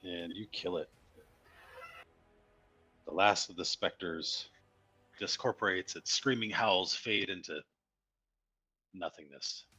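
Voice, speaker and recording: A man narrating as dungeon master in a tabletop game, calm and low-key with frequent fillers. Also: slow pace, pauses often, breathy edge, no echo.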